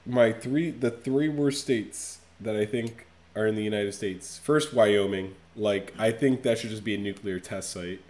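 A man's voice: on the low side, unhurried, few pauses, darkish tone, a little hiss or hum. A man in casual podcast chat, ranting in a profane, mock-outraged way.

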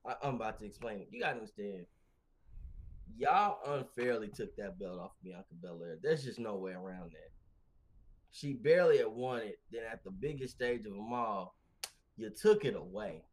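A man co-hosts a loose, casual podcast over a remote call. He rambles in slang and laughs often. His pitch swings widely as he gets going. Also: lively intonation, normal speed. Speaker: podcast co-host. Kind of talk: casual wrestling podcast chat. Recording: remote call with glitchy connection.

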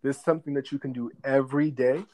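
A man's voice: medium pitch, fairly even intonation, quick pace, a little mellow. A young adult man giving long, earnest answers as an interview guest, explaining step by step with frequent fillers. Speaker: guest, credit repair business director.

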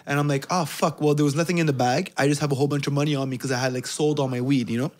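Profane, animated man telling stories. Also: on the high side, very fast. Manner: profane, animated storyteller with quoted voices. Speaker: podcast host. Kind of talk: casual storytelling chat.

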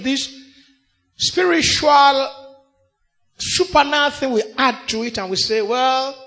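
A man with a Nigerian accent preaching a sermon in church, emphatic, swinging from shouts to hushed asides. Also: very high voice. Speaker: pastor.

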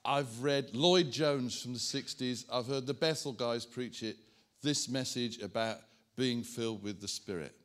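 Pastor doing a sermon with props, chatty asides, pokes fun at himself. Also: male voice, mid-range voice, measured pace, hardly any pauses. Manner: animated, self-mocking, chatty asides to the congregation. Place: church hall.

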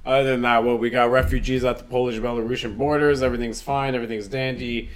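A man's voice: mid-range voice, flat delivery, fast. Rambling, sarcastic young podcast guy. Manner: rambling, sarcastic, swears freely. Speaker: podcast co-host. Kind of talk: casual chat.

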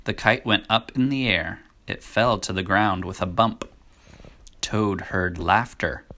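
A woman reading a children's storybook aloud to a child in a gentle, unhurried way. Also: very deep voice.

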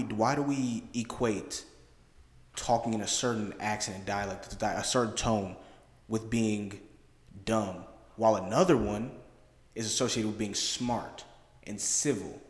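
A man's voice: lowish voice, a little slow. A man hosting a podcast, speaking reflectively and emphatically in casual discussion and often checking in with "right?". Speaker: podcast host. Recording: roomy with long reverb.

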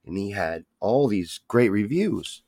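A man's voice: fairly low pitch, sing-song, unhurried, warm tone, no echo, clean studio sound. A man hosting a podcast on his own, talking in a rambling, profane, grumbling way. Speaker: podcast host. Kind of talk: casual solo rant.

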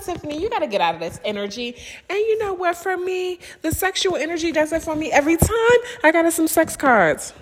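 A woman in her thirties talking casually to viewers, bawdy and laughing, with drawn-out swooning sighs. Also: high-pitched, a bit bright, long reverb tail. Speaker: vlogger. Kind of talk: casual monologue.

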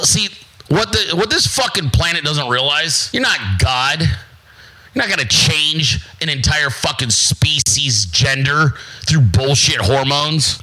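A man's voice: on the high side, sharp tone, rough recording. A man hosting a show, delivering a blunt, crude, confrontational rant. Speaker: host. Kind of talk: profane ranting monologue.

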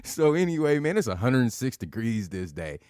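A man telling a rough work story in casual chat, swearing freely and laughing at his own jokes. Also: medium pitch, fairly quick, dry recording, clean studio sound. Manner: profane, laughing, animated storyteller.

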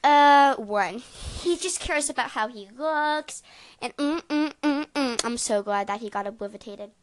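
A woman with a high, lively voice co-hosts a casual podcast, speaking a little slowly. She is chatty, full of hesitant fillers, and rates things aloud, all on a low-quality recording.

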